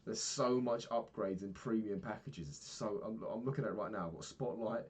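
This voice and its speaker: Low-voiced young man rambling casually. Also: unhurried, breathy edge. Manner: rambling, frank, swears casually, many fillers. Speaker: vlogger. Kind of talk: casual daily vlog monologue.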